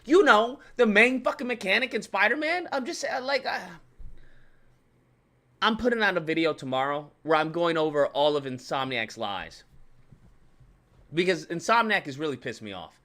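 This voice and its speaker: A young man hosts his channel in a profane, exasperated rant. His voice sits high and bright, and it swings widely up and down as he fumes and mocks. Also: expressive, moderate pace. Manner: profane, exasperated ranting with mocking put-on voices. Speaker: channel host. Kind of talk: casual ranting commentary.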